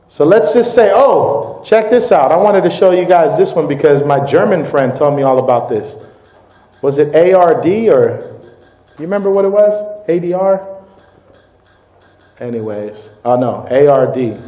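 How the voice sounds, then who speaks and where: Upbeat CEO pitching in an echoey room. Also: male voice, mellow. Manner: upbeat, informal, keeps addressing the crowd as "guys". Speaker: company CEO presenting to distributors. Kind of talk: live product demo and sales pitch. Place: meeting room with live audience.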